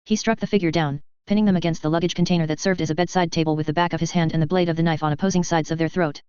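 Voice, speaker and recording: Woman audiobook narrator, brisk steady read, slightly dull lo-fi audio. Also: fairly low pitch, clear, resonant tone, dry recording. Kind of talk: scripted narration.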